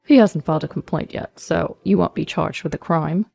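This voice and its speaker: A man's voice: a little high, normal speed, vocal fry, darkish tone, dry recording, faint music behind. A woman reading as a stern police officer.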